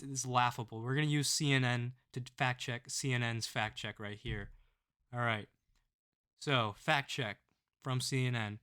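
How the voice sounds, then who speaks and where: A man's voice: mid-range voice, sharp tone, smooth. Scornful ranting male political vlogger. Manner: scornful, ranting, keeps tagging "all right?". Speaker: political commentator. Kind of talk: political commentary vlog.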